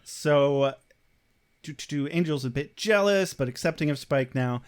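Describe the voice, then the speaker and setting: A man's voice: fairly high pitch, normal speed, clean tone. A man co-hosting a podcast, retelling scenes playfully and laughing often. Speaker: podcast co-host. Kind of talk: casual chat, episode review.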